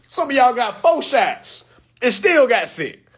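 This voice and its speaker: A man ranting to camera in an animated, joking way, loud and slangy, calling out to his viewers. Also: very high-pitched, takes it slowly, a little hiss or hum.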